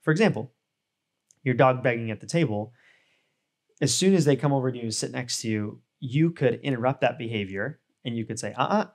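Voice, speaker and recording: Conversational man explaining dog training. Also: mid-range voice. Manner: conversational, frequent "you know" and "right?"; explains with everyday examples. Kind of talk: casual instructional talk.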